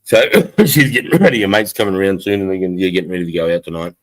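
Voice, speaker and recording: A middle-aged Australian man chats loosely on a live stream from his front porch, his voice sitting a little low. He swears freely and greets his viewers one by one by name in an easygoing way. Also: fast talker, low-quality recording. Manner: laid-back, sweary, greets chat by name. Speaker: livestream host. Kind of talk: casual live-stream chat.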